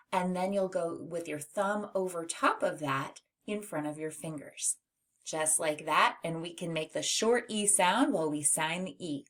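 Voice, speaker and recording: Slow, encouraging woman phonics teacher. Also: medium pitch. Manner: warm, encouraging, drawn-out sounds. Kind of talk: slow, clear early-reading lesson for children.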